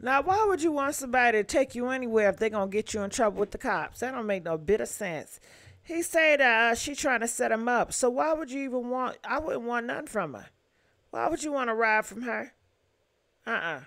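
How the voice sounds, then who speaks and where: A woman's voice: fairly high pitch, lively intonation, a little fast, a bit bright. A woman host giving blunt, sassy reaction commentary in casual slang.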